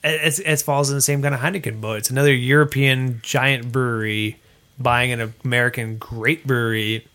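A man's voice: mid-range voice, steady tone, normal speed, sharp tone. A man, a craft beer bar owner, talking earnestly and with firm opinions as a podcast guest. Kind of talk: casual podcast chat.

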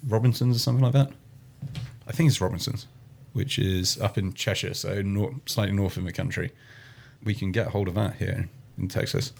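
A man's voice: sits low, fairly even intonation, moderate pace, gravelly, darkish tone, a little hiss or hum. A man from Cornwall with a Cornish English accent, chatting casually over beer and laughing often. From Cornwall, England.

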